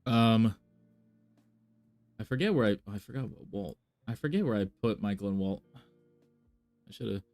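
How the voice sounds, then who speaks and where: A man's voice: lowish voice, animated, a little slow, long pauses, darkish tone, faint music behind. A man chatting casually on a live stream, thinking aloud with many fillers and restarts. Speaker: reaction streamer.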